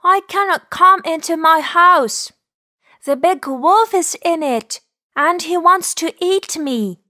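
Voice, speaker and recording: A woman's voice: very high voice, slow, sharp tone, no echo, studio quality, heavily acted. A woman voicing a small frightened young rabbit that begs for help in a pleading voice. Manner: pleading, breathless begging. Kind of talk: audiobook reading for learners.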